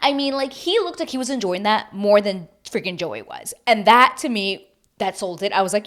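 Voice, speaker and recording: A woman hosting a casual reality-TV recap, animated and opinionated, swearing freely. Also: mid-range voice, fairly quick. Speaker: TV recap host.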